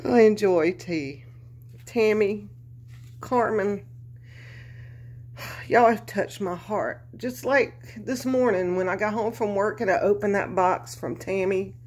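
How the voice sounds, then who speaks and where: A woman's voice: medium pitch, darkish tone. A woman, chatting in a craft vlog, gushing and emotional, close to tears. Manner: gushing, emotional, Southern "y'all". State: near tears. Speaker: craft vlogger. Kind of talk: casual video chat.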